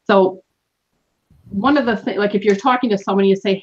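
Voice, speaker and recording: A woman's voice: medium pitch, normal speed. Canadian-born woman host, earnest coach, lo-fi call sound. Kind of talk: motivational team call talk. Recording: dull lo-fi call audio.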